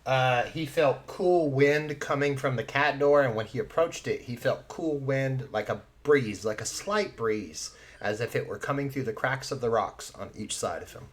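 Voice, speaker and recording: A man narrating as game master in a tabletop game over voice chat, animated and laughing often while he describes scenes. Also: medium pitch, normal speed, few pauses. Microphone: online voice call.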